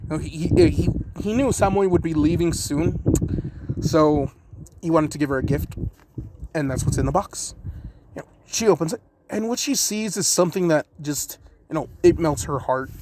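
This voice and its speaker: A man casually improvising a fan story out loud, rambling with lots of "you know" and the odd curse, on a noisy recording. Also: on the high side, normal speed.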